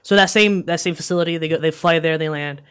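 Fast-talking man recapping a trailer. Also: a little high, clear, resonant tone. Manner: excited, rambling retelling with quick acted-out quotes. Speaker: co-host recapping a film trailer. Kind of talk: casual chat.

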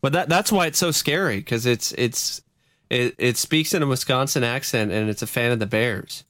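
A man's voice: mid-range voice, moderate pace, fairly bright tone, no echo. Male podcast co-host, close dry sound, easy laughs, mock-outraged banter. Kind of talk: casual comedic podcast chat.

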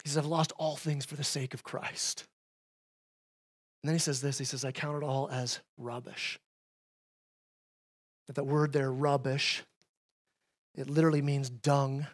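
Speaking a little slowly with long pauses, a male pastor preaches in a conversational style, his medium-pitched voice level in tone. He drops in "right?" asides and alternates between loud, emphatic bursts and quieter remarks.

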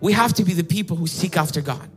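A man's voice: sits high, fast talker, slightly rough, faint music behind. A young man preaching a sermon, swinging between chatty, stammering stories and sung, chanting emphasis on key lines. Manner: chatty anecdotes with stammered restarts. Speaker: pastor.

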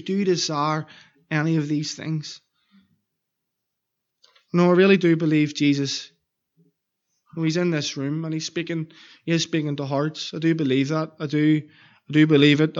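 Earnest high-voiced preacher. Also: male voice, lo-fi sound. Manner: earnest, repeated pleading questions. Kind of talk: evangelistic sermon.

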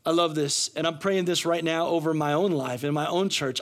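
High-voiced man preaching, soft then shouting. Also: normal speed, hardly any pauses. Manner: swings from soft and low to loud shouting; preaching with many repetitions and restarts. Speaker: pastor. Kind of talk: sermon.

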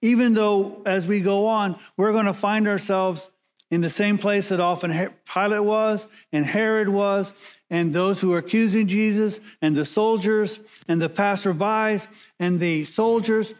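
A man preaching a sermon as pastor, measured and emphatic, slowing down and pausing to stress key words. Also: sits high, fairly even intonation.

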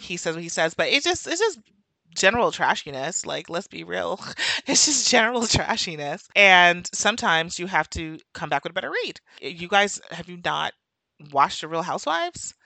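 A podcast host with a New York accent, talking in a chatty, animated monologue that wanders off on tangents. Her voice sits on the low side for a woman but comes across forceful and bright. The recording is dry and close to the mic. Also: no echo. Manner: animated, chatty, goes on tangents, laughs often. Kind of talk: casual opinion monologue.

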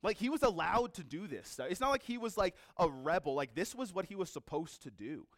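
A male pastor preaching a sermon, telling a story with lively energy and acting out the characters he quotes. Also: high-pitched, fairly quick, no echo.

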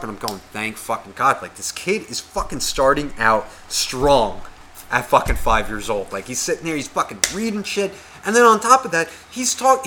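Podcast co-host, male, bright tense voice, profane, rambling anecdote with voices thrown in. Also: fairly high pitch, a little hiss or hum. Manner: heavy swearing, rambling, animated retelling with acted quotes. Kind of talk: casual storytelling chat.

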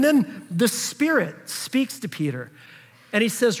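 Male pastor, high husky voice, chatty sermon delivery, big reverberant hall sound. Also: very animated, slow pace. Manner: conversational preaching, checks in with the congregation; acts out quoted voices in passing.

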